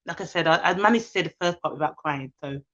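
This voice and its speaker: A woman's voice: deep voice, quick pace, a bit bright, dull audio. A woman hosting a live stream, talking candidly and from the heart to her viewers and reading out their comments. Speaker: livestream host. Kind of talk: casual live chat to viewers.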